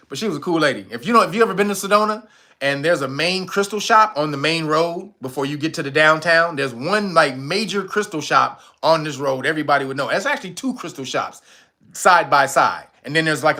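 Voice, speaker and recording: A man's voice: on the high side, lively intonation, fairly quick, sharp tone. A man hosting a livestream, telling a casual, profane story and laughing often. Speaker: livestream host.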